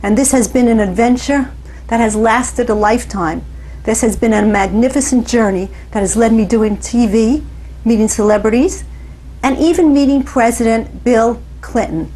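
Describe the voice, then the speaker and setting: A woman author telling her life story as a dramatic, deliberate first-person monologue. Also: a little high, warm tone.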